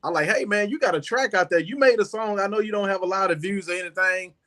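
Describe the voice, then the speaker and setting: Bright-voiced man, telling stories. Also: high voice, fast. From Southern United States. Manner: rambling, animated, leans on "you know". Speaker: guest musician. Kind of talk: casual storytelling interview.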